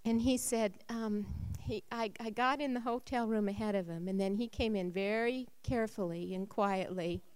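A woman sharing a personal faith testimony. Her voice rises when she gets excited and drops low when she turns reflective. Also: moderate pace, few pauses, smooth. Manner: emotional storytelling, rising when excited and dropping low when reflective.

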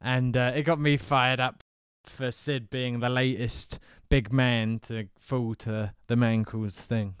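A man co-hosting a podcast in a smooth, clear voice with a dry, close sound. He chats casually and jokes as he talks. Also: medium pitch, flat delivery, a little slow, few pauses, no room sound. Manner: joking, riffing on wrestling promos. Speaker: podcast co-host. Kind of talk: casual chat.

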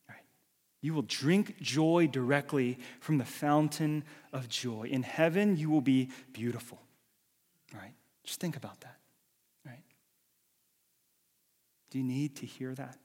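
A man preaching a sermon as a pastor, dramatic, swinging from loud calls to hushed whispers. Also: medium pitch, measured pace, pauses often. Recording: long reverb of a large hall.

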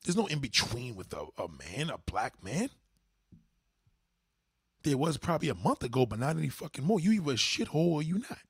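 A man hosting a livestream, delivering a profane, heated rant at his chat and swinging from low mutters to high outbursts. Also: big pitch swings, a little fast, slightly rough, no echo, studio quality. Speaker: livestream host. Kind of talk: ranting monologue to a live chat.

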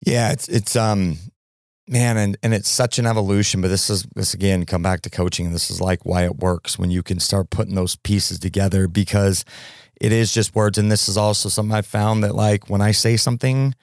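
A middle-aged man hosting a podcast, telling stories in a loose, animated way with frequent fillers and repeats. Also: on the low side, brisk, dry recording, clean studio sound. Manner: animated storyteller with fillers and repetitions. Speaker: podcast host. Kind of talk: casual interview conversation.

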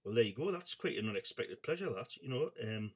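A man's voice: mid-range voice, big pitch swings, fairly quick. A middle-aged man, hosting a call-in radio show and rambling in a chatty, sweary way. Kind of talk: casual call-in chat.

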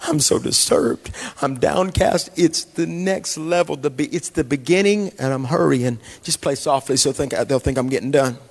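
A male pastor, preaching a sermon in a casual storytelling way that drops to hushed, sighing asides. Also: a little high, normal speed, creaky, few pauses.

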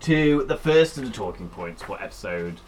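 A man co-hosting a car podcast, chatting in an animated, jokey way with casual swearing. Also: lowish voice, normal speed, a little hiss or hum. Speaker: podcast co-host. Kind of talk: casual chat.

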